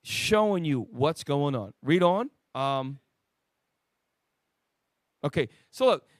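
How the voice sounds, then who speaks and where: A man leading a preaching Bible lesson, emphatic and swinging between loud and quiet. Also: fairly high pitch, expressive, slow pace, no echo, clean studio sound. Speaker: lead teacher of a Bible study show.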